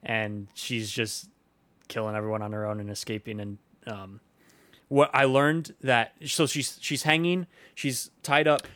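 A man's voice: mid-range voice, steady tone, unhurried, fairly bright tone, dry recording. A man recounting movie scenes in casual talk, rambling and hesitant with many fillers.

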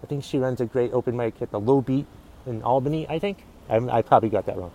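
A man's voice: mid-range voice, fast, mellow, slight background noise, poor audio. A man hosting a comedy podcast alone, talking outdoors in public in a profane, grumbling, ranting way. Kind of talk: casual solo podcast rant.

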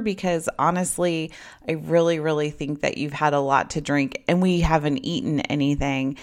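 A woman's voice: sits low, moderate pace. A young adult woman telling a personal story in casual chat, acting out quoted dialogue and saying "like" often. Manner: chatty, acts out quoted dialogue with lots of "like".

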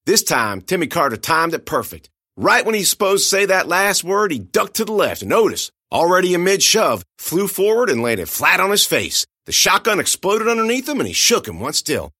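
A man narrating a first-person audiobook with lively, expressive storytelling. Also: fairly high pitch, brisk, hardly any pauses, dry recording, studio quality.

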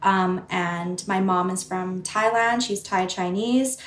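A woman's voice: lowish voice, slow pace, reverberant. A woman with an Australian accent, a guest chatting casually and acting out quotes. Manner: animated, acts out quotes, frequent "like". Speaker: podcast guest. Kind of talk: casual chat.

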